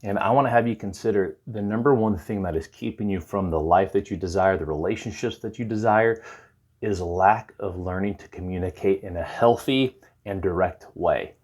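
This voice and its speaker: A man's voice: deep voice, normal speed. A man talking to camera with advice, retelling a conversation and acting out the lines. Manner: animated storyteller, acts out dialogue. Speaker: recovery counselor.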